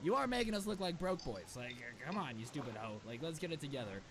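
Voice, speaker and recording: A man's voice: a little high, animated, fast, over a noisy crowd, pitched below the performer's own voice. A man voicing a dismissive father, mumbled and offhand. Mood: scornful. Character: lazy dismissive father siding with his son. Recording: noisy background hiss.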